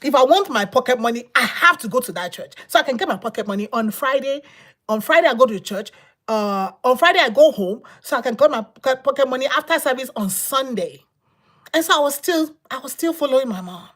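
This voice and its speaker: Woman preacher, personal testimony, lively swooping voice, fairly high, repetitive dramatic storytelling. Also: fairly quick.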